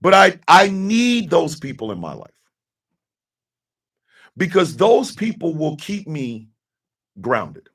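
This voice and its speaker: A man's voice: a little high, huge pitch swings, slow, long pauses, fairly bright tone, slightly rough, recorded from a distance. A middle-aged man hosting a radio talk show, giving a blunt, profane personal monologue and repeating his key lines for emphasis.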